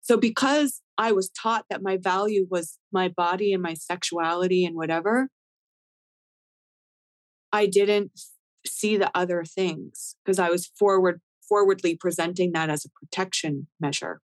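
A woman in her thirties, a rapper guest telling a story in a casual interview, animated and swearing often as she acts out what people said. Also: lowish voice, measured pace, dry recording, low-quality recording. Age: 30s.

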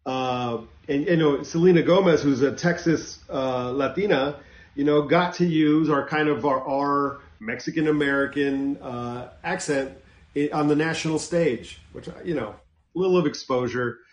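A man's voice: fairly high pitch, normal speed. A man from California in casual chat, enthusiastic and playful. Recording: echoey room.

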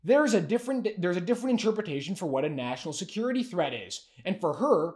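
A man with a notably high voice talks through political news in a casual commentary show. His tone is sarcastic and mocking, and he delivers it with lively energy. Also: quick pace.

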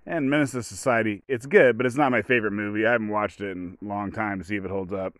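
A man's voice: on the low side, steady tone, fast, fairly bright tone, dry recording, clean studio sound. A man hosting a casual solo podcast, rambling as he retells movie scenes and acts out the quotes. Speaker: podcast host.

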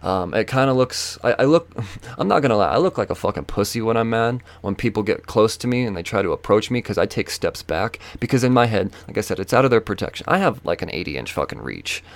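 A man hosting a podcast, telling a story in a casual, profane, animated way. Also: on the low side, fast, vocal fry. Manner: profane, animated, acts out quoted voices. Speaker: podcast host.

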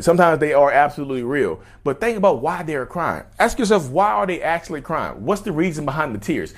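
A man vlogging in a casual, rambling way, often restarting phrases and speaking straight to his viewers. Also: fairly high pitch. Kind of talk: casual direct-to-camera talk.

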